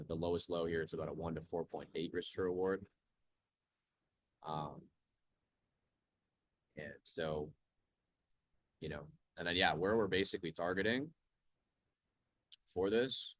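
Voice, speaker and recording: A relaxed young man with a low, deep voice chats casually while commenting on trades live. His voice is close and dry, with no room sound around it. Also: moderate pace, long pauses, dry recording. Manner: laid-back, chatty, reads chat aloud. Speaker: trading livestream host.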